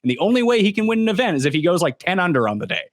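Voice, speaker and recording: Canadian man, casual chat, animated and emphatic, dry close sound. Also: sits high, no echo. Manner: animated, quick bursts of emphatic questions. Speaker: podcast guest, fantasy golf analyst.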